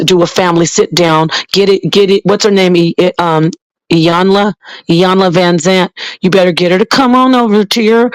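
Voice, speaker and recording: A woman's voice: on the low side, dry recording, poor audio. A woman vlogger giving a blunt, heated and emphatic ranting monologue to her channel.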